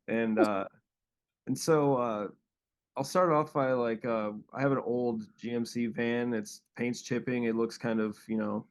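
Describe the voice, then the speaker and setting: A man in a band starting an anecdote in casual chat, pausing often with "uh" and "um". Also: fairly low pitch, gravelly, darkish tone. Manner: hesitant, many "uh" and "um". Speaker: band member, guest.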